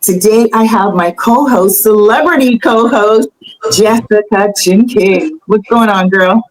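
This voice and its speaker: A woman's voice: mid-range voice, a little slow, rough recording. Chatty woman hosting a gossip show. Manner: chatty and animated, with laughter and fillers. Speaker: host. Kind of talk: casual celebrity gossip chat.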